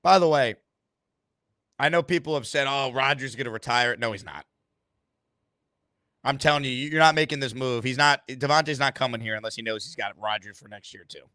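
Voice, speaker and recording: A man's voice: medium pitch, fairly quick, long pauses, bright, forceful tone, no room sound. A man hosting a sports talk show, upbeat and emphatic as he takes calls.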